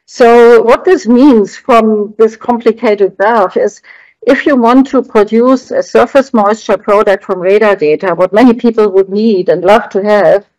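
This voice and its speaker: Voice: medium pitch, darkish tone, no room sound, rough recording. Hesitant presenter explaining slides, dry sound. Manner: hesitant, searching for words, explanatory. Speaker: researcher presenting findings.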